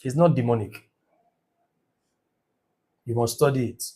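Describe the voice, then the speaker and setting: A man's voice: medium pitch, unhurried, dark tone, breathy edge. A middle-aged man teaching business numerology in an impassioned lecture, stressing words by drawing them out and asking rhetorical questions.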